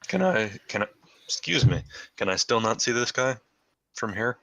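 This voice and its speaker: A man's voice: mid-range voice, big pitch swings, normal speed, gravelly, sharp tone. A man playing a tabletop game, checking what his character can see and do. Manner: questioning, checking rules. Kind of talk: casual chat at a game table.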